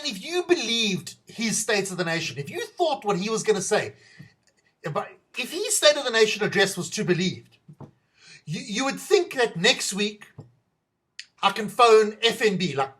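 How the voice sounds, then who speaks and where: A man's voice: high voice, sing-song, moderate pace, a bit bright, breathy edge. A man with a South African accent doing a rambling, self-mocking comic monologue on the news, stumbling and restarting often. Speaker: podcast host.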